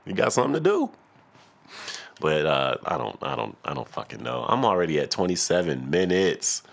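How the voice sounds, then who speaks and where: A man's voice: low-pitched, wildly swooping pitch, normal speed, gravelly. A young man hosting a solo podcast, rambling and cursing, breaking into off-key rap impressions and laughing at himself. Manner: profane, rambling, mimics rappers for laughs. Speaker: podcast host.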